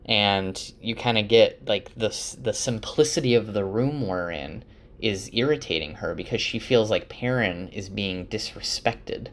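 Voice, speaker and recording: A man casually retelling a novel's chapters for his wife, chatty and relaxed, with lots of fillers and restarts. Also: fairly low pitch, a little slow. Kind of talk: casual spoken book recap.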